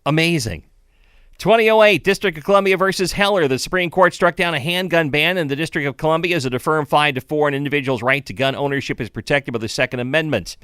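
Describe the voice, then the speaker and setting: A man's voice: fairly high pitch, fast, fairly bright tone, clear, resonant tone, dry recording, studio quality. An older man hosting a morning radio show, reading the day's history with chatty, conversational asides. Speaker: radio host. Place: radio studio.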